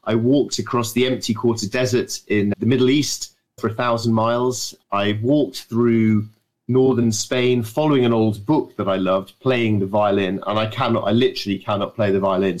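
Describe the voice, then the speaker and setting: A man with an English accent from the north of England speaks in a fairly low voice. He joins a podcast over a remote call from a small writing shed, and his answers carry a dry, self-mocking humor. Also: fairly even intonation, moderate pace, a little mellow. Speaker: guest adventurer.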